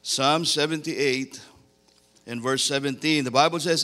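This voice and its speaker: Slow, deliberate male preacher in a hall. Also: medium pitch, steady tone, pushed and bright, faint music behind. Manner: deliberate with repeated emphatic questions. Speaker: guest preacher. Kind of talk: sermon. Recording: long hall reverb.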